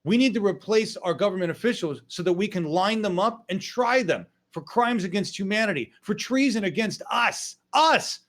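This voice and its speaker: A man hosts his own political talk show in a raised, high-pitched voice. He rants with open fury, swears often and punches out his points in emphatic bursts. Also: lively intonation, brisk, hardly any pauses. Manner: angry, profane, emphatic outbursts. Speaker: online political show host. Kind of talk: political rant.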